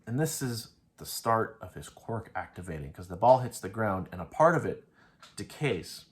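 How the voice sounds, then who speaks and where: A man's voice: on the low side, very animated, moderate pace. Rambling man breaking down an anime episode. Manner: rambling, loose retelling peppered with "like". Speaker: anime reviewer. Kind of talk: casual episode analysis.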